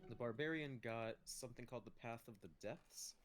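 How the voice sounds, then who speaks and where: A man's voice: medium pitch, brisk. A man in casual chat, rambling and correcting himself with frequent ums.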